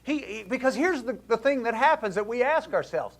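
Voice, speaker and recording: High-voiced, lively male talk show host. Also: a little fast, creaky. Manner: animated, acts out dialogue in the story. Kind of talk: casual storytelling to a caller.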